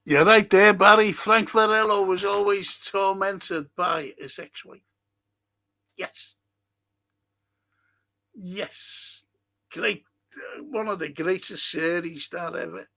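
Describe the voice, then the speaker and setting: A man's voice: high-pitched, steady tone, takes it slowly, vocal fry, pauses often, sharp tone, dry recording. A man hosting a football fan live stream, rambling casually and swearing now and then as he reads out and answers viewer comments. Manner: rambling and chatty, wanders off topic.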